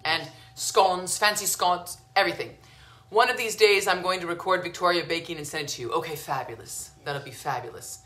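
A woman's voice: on the low side, a little fast, fairly bright tone, echoey room. A woman hosting a home cooking show, chatting casually and gushing, calling her viewers sweetheart and lovies. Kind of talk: casual cooking demo chat. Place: home kitchen.

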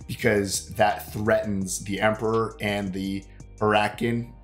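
A man's voice: lowish voice, flat delivery, unhurried, faint music behind. A man with a sick, congested voice chatting casually as a co-host of a movie reaction, rambling with lots of fillers and casual swearing. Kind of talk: casual chat.

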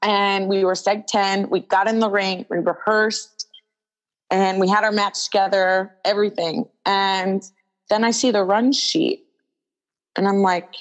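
Young woman wrestler chatting, animated, lots of "like", acts out what people said. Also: mid-range voice, measured pace, rough recording. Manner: animated, acts out quoted dialogue, many "like" fillers. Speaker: guest, wrestler. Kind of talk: casual storytelling in an interview.

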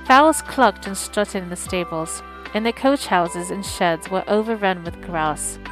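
A woman narrating a classic story aloud, measured and expressive, at a mid pitch. Soft music plays faintly underneath her reading. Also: rough recording. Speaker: audiobook streamer. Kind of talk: scripted narration.

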